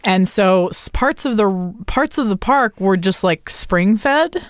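A woman's voice: medium pitch, expressive, takes it slowly, no echo, studio quality. A woman from Central Texas in casual podcast chat, meandering and laughing often.

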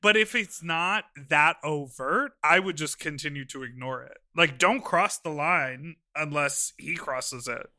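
A man's voice: fairly high pitch, measured pace, few pauses, pushed and bright. A man co-hosting a podcast, chatting in a loose, rambling way with many fillers. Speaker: podcast co-host. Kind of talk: casual chat.

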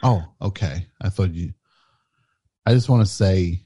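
A man hosting a comedy call-in show, speaking in a halting, stammering, over-apologetic way. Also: deep voice, warm tone, husky, dry recording. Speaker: host.

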